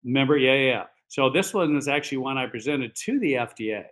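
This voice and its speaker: A male orthopedic surgeon telling patient stories on a podcast, of ordinary pitch. He rambles with fillers and restarts, and acts out both sides of conversations. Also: lively intonation, fast, fairly bright tone, poor audio. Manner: acts out quoted dialogue. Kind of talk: casual podcast storytelling.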